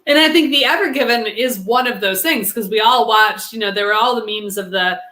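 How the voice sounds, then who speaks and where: Bright-voiced woman chatting and laughing. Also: medium pitch, a little fast. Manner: laughs often, animated. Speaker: podcast co-host. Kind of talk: casual chat.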